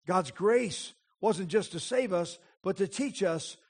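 A middle-aged man preaching a sermon, deliberate and emphatic, repeating phrases for weight. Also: high-pitched, animated, a little mellow, slightly rough.

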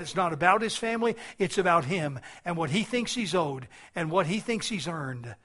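A man preaching a sermon in an earnest style, swelling loud and then dropping soft. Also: high-pitched, animated, moderate pace, hardly any pauses. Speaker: pastor.

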